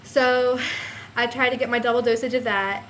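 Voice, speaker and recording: A woman's voice: on the high side, steady tone, a bit bright, a little hiss or hum. Breathless, teary young woman vlogging. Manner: halting, many fillers and sighs, nervous laughs. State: out of breath, close to tears. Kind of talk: casual pregnancy vlog.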